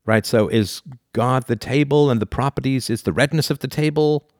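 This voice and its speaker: A man giving an animated philosophy lecture, full of rhetorical questions and laughing asides. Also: medium pitch, moderate pace, no room sound, studio quality.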